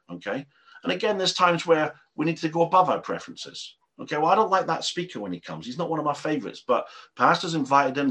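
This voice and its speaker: A middle-aged pastor preaching a sermon at a quick clip. He tells his stories with animation, moving between loud passages and hushed ones. His voice sits at an ordinary pitch for a man.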